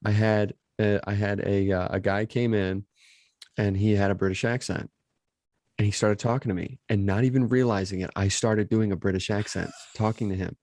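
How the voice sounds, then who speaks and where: A man with a Midwestern American accent hosting a casual podcast conversation, chatty, laughing easily and tossing in quick asides. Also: lowish voice, fairly even intonation, a little mellow, no room sound, studio quality. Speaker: podcast host.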